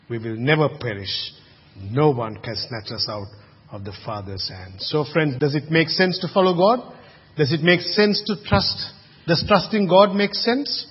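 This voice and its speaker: Husky preacher in an echoing hall. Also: male voice, mid-range voice. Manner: swings from hushed to loud emphatic preaching. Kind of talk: sermon. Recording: lo-fi with long reverb in a hall.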